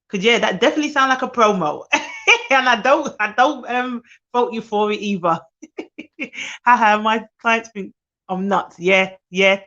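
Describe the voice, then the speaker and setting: A woman who works as a nanny gives chatty, fast-talking advice on a live stream while tired. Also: medium pitch, fairly bright tone, lo-fi sound.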